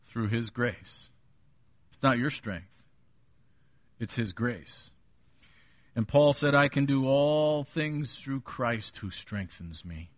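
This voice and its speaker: In a dry, studio-quality recording, a male pastor with a medium-pitched voice delivers a Sunday sermon. He speaks emphatically, stressing and repeating key phrases and chuckling now and then.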